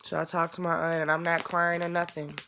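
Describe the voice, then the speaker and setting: A woman with a low, gravelly voice recounts a painful memory for her vlog. She talks casually and candidly and swears freely. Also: level tone, brisk, pushed and bright, a little hiss or hum. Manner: casual, profane, candid retelling. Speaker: vlogger. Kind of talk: emotional personal storytelling.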